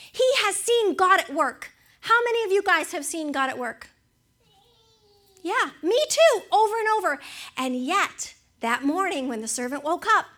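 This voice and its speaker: A woman's voice: very high-pitched, a bit bright. A woman preaching a sermon, retelling a story with acted-out voices and questions to the audience.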